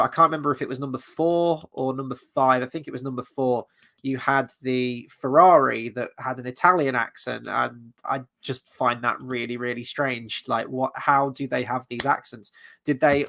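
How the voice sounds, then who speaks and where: A man's voice: mid-range voice, gravelly, a bit bright. A man giving a casual spoken film review, rambling and hesitant, often correcting himself and stopping on fillers.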